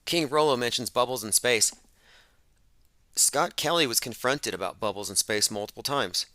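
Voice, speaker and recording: A man's voice: medium pitch, moderate pace, sharp tone, no echo. A man hosting an open-phones radio show, talking in an emphatic, sarcastic monologue.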